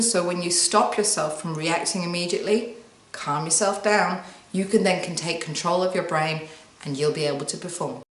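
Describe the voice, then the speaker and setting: Calm woman coaching in an echoey room. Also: lowish voice. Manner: calm, soothing instructions with guided breathing. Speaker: wellbeing coach. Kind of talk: guided self-help talk to camera.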